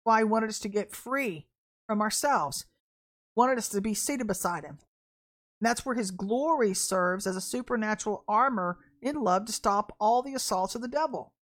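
This podcast preacher speaks at a medium pitch and a moderate pace. Her sermon is casual and full of animated stories, with laughter and acted-out quotes.

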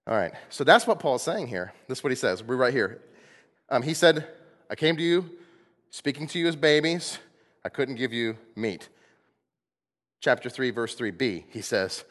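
Male pastor, slightly high voice, lively and playful delivery, sermon in a church with long hall reverb. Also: moderate pace. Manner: animated, playful, acts out voices. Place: church sanctuary.

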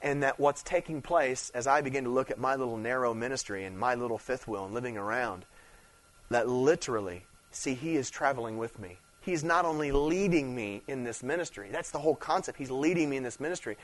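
A traveling male preacher giving a conversational sermon, repeating and restarting phrases for emphasis and often checking in with "you understand.". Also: mid-range voice. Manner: conversational preaching, rising and falling in intensity, frequent "you understand".

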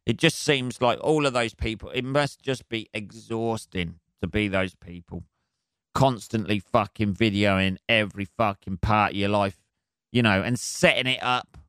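A man's voice: lowish voice, fairly even intonation, a little slow, fairly bright tone, clean tone, no echo, clean studio sound. A man hosting his own podcast, ranting alone in a sarcastic, rambling, heavily swearing way. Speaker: podcast host. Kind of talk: solo comedic rant.

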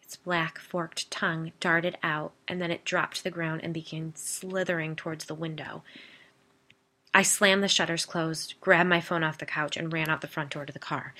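A woman's voice: low voice, fairly even intonation, normal speed, bright, forceful tone. A woman reading the part of a wife earnestly recounting a frightening event in a spoken story.

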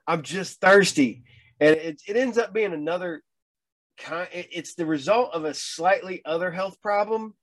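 A middle-aged man speaking as a guest in a casual chat, halting and repeating words with a wry edge. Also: sits high.

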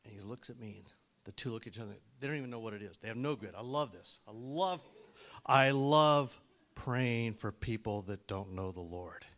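A middle-aged man giving a sermon-style testimony as a lay speaker, telling his story in an animated way that swings from hushed asides to loud, fervent bursts. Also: on the low side, moderate pace.

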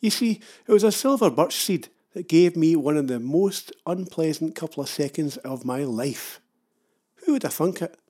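A man's voice: a little high, mellow. An older Scottish man narrating a comic travel story with wry, self-mocking asides. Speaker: travel vlogger.

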